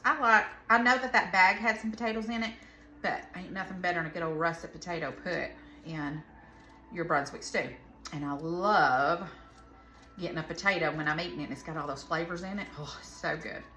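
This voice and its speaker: With a lowish voice that sounds pushed and bright, a woman speaks in a Southern American accent as she cooks in her home kitchen. She's chatting casually to viewers in a cooking vlog, rambling into folksy asides, and the recording has a roomy sound.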